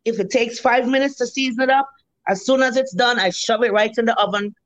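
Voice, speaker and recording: This Jamaican woman, a restaurant cook in her fifties, speaks a little high and a little fast as she animatedly tells stories in an informal interview. She mimics her customers and swears freely; the recording lacks room sound and the highs are cut off.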